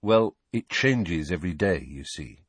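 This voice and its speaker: A man reading aloud and voicing a defiant teenage boy who answers in a cold, flat, clipped way. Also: low-pitched, measured pace, husky, no room sound, heavily acted.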